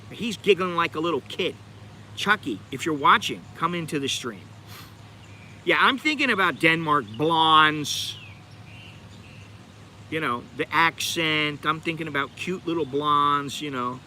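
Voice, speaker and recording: Bright-voiced, chatty American man. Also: a little high, normal speed, slight background noise. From United States. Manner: chatty, digressive, talks to viewers directly. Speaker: channel host. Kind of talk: rambling livestream chat.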